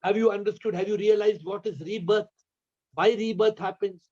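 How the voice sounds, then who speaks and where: A man's voice: sits high, steady tone, moderate pace, mellow. Indian man teaching over a dull video call. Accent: Indian English. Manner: asks the audience repeated questions. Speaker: spiritual teacher. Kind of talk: spiritual talk on a video call.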